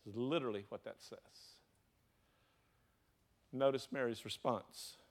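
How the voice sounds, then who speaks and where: A man's voice: medium pitch, fairly even intonation, a little slow. A man with a Southern US accent preaching a sermon, throwing rhetorical questions to his congregation. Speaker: pastor.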